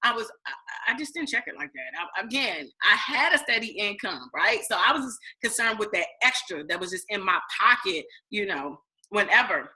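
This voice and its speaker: A woman in her thirties casually telling her story to viewers, lively and chatty, acting out her own past reactions. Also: medium pitch, normal speed, rough recording. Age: 30s. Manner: animated storytelling, acts out her past self, addresses viewers as y'all. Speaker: network marketing distributor. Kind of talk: casual testimonial vlog.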